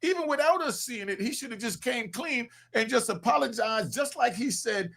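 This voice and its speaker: Gravelly, high-voiced, fired-up man. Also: expressive, moderate pace, a bit bright. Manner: blunt, profane street talk, fired up. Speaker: podcast host. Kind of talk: casual opinionated commentary.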